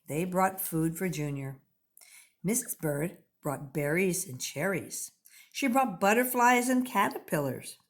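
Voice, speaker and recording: A woman reading a picture book aloud to young pupils, expressive and clearly paced like a teacher. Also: lowish voice, a little slow. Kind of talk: children's read-aloud.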